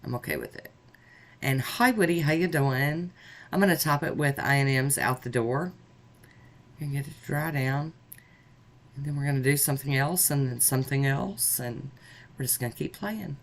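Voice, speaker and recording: A woman vlogger chatting upbeat and warm-heartedly as she talks viewers through each step of her nail art. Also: a bass voice, moderate pace. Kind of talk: casual tutorial narration.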